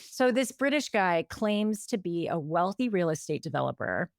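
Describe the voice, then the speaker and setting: A woman's voice: on the low side, very animated, normal speed, vocal fry, no echo, studio quality. A woman co-hosting a podcast, casually recapping a story in a chatty way, full of "like" and quoted asides. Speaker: podcast co-host.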